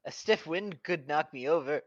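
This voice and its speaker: A man playing a tabletop game, jokey and animated. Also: a little high, moderate pace, no room sound, highs cut off. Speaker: player. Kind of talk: casual tabletop play.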